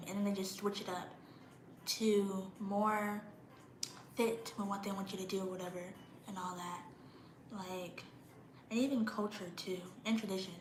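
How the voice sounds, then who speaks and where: A young woman with a mid-range, fairly evenly pitched voice speaks unhurriedly in a casual vlog monologue. She's blunt and slangy, shivers slightly from the cold, and does mocking takes on her parents; the poor audio has echo and slight background noise.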